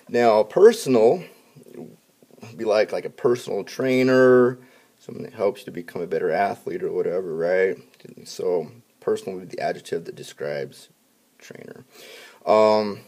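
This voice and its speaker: Low gravelly guy teaching spelling, peppy with the class, mumbles while writing on the board. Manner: upbeat teacher talk, drops to quiet asides at the board. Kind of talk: classroom instruction video.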